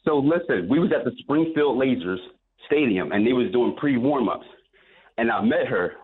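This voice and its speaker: A male caller on a thin, tinny phone line, with a mid-pitched voice. He tells his story in a rambling, animated way, circling back and repeating himself. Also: moderate pace. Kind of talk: telling a story on a phone call.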